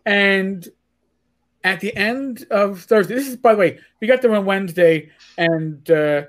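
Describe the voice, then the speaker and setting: A man from New York hosting a casual podcast chat, stumbling through restarts as he tells animated stories. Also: sits high, a little slow. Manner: stammering restarts, animated storytelling. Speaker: podcast host.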